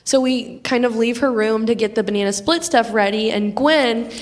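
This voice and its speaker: Higher-voiced woman telling a church story. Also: normal speed. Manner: animated storyteller acting out quoted voices. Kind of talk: testimony storytelling to a congregation.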